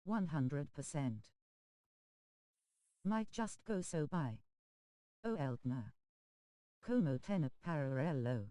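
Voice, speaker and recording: This is a synthetic voice reading viewer chat on a game stream. Its tone is soft and warm, and the delivery stays smooth and even. It reads emoji names and abbreviations out literally, with a dry, close sound. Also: mid-range voice, slow, long pauses, no room sound, low-quality recording. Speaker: text-to-speech chat reader on a game stream.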